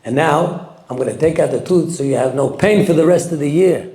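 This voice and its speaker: A rabbi delivers a sermon in an echoey room, his voice somewhat high yet mellow. He tells stories with animated, acted-out quotes and mixes in Hebrew terms. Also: a little fast. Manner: sprinkles Hebrew and Yiddish terms.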